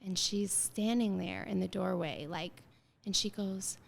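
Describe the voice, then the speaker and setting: Woman with a gravelly vocal fry. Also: medium pitch, a little slow, slight background noise. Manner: animated storyteller acting out quoted dialogue; frequent filler words. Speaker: guest. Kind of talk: casual interview conversation.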